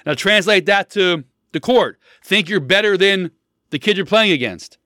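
Blunt preachy man, higher-pitched and dry. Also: animated, normal speed, bright, forceful tone, no room sound. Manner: blunt, preachy, repeats himself for emphasis. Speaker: podcast host. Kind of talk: casual solo podcast monologue.

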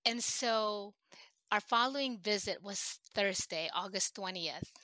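Bright-voiced mother telling her story. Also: medium pitch, no echo. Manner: halting, emotional, many restarts. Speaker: guest. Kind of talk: personal storytelling in an interview.

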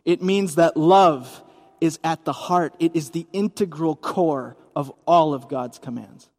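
A man's voice: fairly high pitch, a little slow, a little mellow, in a large hall. A man preaching a sermon as pastor, speaking conversationally and asking the congregation questions, at a church service in a gymnasium. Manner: conversational, asks the audience questions.

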